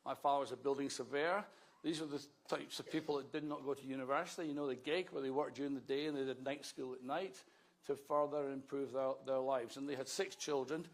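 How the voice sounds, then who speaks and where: A man's voice: medium pitch, fairly even intonation, brisk. A Scottish man in his fifties giving an anecdotal public talk about his life, conversational with wry asides. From Scotland. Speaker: speaker telling his life story.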